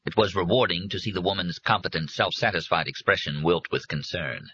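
A man reading a novel aloud as an audiobook narrator, in measured scripted narration. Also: low-pitched, lively intonation, pushed and bright, husky, no room sound. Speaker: audiobook reader. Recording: dry, dull lo-fi recording.

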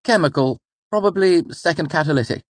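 A man's voice: on the high side, animated, brisk, dry recording, voice pushed up. A man voicing a clever, cheeky young male student in an audiobook. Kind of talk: audiobook character voice.

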